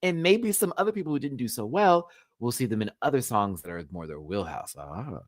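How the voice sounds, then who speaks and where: A man hosting a casual live review of a drag show, animated and sassy, jumping between loud outbursts and low mutters, with some swearing. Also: fairly quick, no echo.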